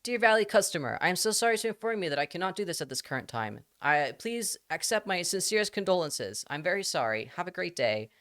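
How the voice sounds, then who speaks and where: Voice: mid-range voice, very animated, fast, few pauses, fairly bright tone, voice pushed up. A streamer voicing an overly polite female voice assistant that keeps apologizing in formal customer-service phrases. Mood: apologetic.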